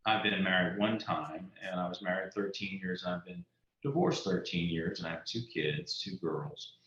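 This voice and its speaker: A very low-pitched man in his fifties from South Louisiana. He talks in an easygoing, storytelling way as an interview guest. The audio is roomy and slightly dull, like a remote call. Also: lively intonation, moderate pace, a bit bright. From South Louisiana, USA. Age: 50s. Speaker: author guest. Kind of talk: casual interview conversation. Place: indoors at home.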